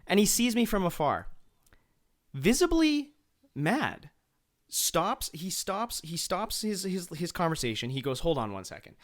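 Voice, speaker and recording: A man's voice: sits high, big pitch swings, a little slow. A man co-hosting a podcast, telling a long rambling story full of swearing and restarts. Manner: profane, rambling anecdote with many restarts. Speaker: podcast co-host. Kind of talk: casual podcast chat.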